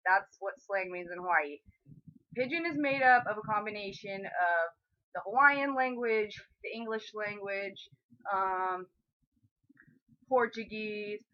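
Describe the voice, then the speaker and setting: A woman from California, living in Hawaii, chatting playfully to her camera as a vlogger and explaining local words. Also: mid-range voice. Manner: chatty, playful, laughs between points. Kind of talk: casual explainer vlog. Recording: slightly dull lo-fi sound.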